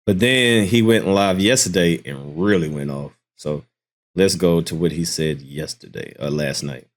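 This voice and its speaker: A man's voice: low-pitched, a little slow. A man reacting to clips with casual, dismissive commentary, amused and blunt. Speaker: commentary host.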